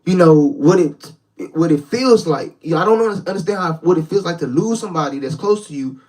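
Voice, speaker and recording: This young man's voice is a little high, a little fast and a little mellow, captured far from the mic in poor audio. He runs a live reaction stream in the role of a street preacher, using casual slang, repeating himself and addressing the chat directly.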